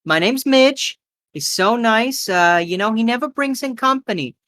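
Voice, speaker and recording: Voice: mid-range voice, expressive, normal speed, sharp tone, pitched above the performer's own voice. A game master voicing a chatty, gossipy diner waitress who calls customers babe and hun, in a live tabletop role-play. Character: chatty middle-aged woman diner waitress.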